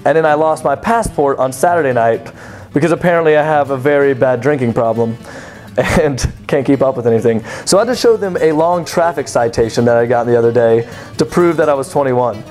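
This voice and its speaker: A young man casually telling a personal story, animated and chatty, full of "like" and laughing at himself. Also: mid-range voice, fairly quick, soft background music. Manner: animated, chatty, many "like" fillers, laughs at his own story.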